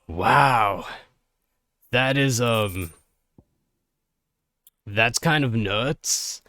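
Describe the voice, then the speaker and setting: A man's voice: mid-range voice, drawn-out words, no room sound, clean studio sound. A man giving casual commentary while playing a video game, rambling with lots of fillers and sounding out of breath. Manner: rambling, excitable, many fillers. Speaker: gaming video creator.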